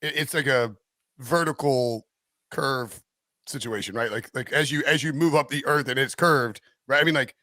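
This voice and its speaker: A man's voice: mid-range voice, normal speed, sharp tone, no echo. Rambling, jokey man on a dry podcast mic. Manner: rambling, lots of restarts and "like", jokey. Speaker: podcast co-host, NFL betting analyst. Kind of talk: casual sports betting chat.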